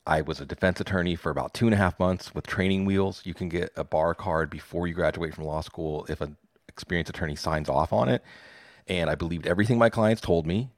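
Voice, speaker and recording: A man's voice: low voice, brisk, no room sound, studio quality. A man in his forties from Pittsburgh, a fantasy football podcaster telling stories in a casual interview, enthusiastic and self-deprecating.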